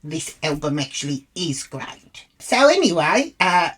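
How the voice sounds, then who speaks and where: A woman's voice: sits low, sing-song, a little slow, a bit bright, husky. An Australian woman vlogger telling a rambling storytime anecdote, blunt and full of swearing. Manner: crude, rambling storyteller who swears freely. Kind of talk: storytime monologue.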